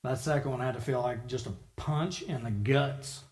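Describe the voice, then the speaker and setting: A man preaching a sermon, telling a story with lively acted-out voices for the people in it. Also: mid-range voice, normal speed.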